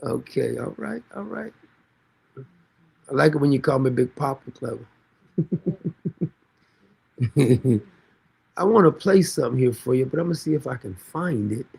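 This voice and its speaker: A man's voice: mid-range voice, expressive, normal speed, vocal fry, darkish tone, slightly rough. A man hosting a casual livestream, rambling and mocking with frequent laughter, talking now and then to someone beside him. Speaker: livestream host.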